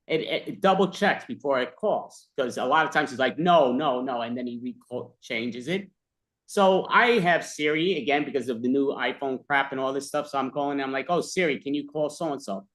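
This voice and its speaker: Male co-host, casual chat; rambling and exasperated, mid-pitched voice. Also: moderate pace, a bit bright.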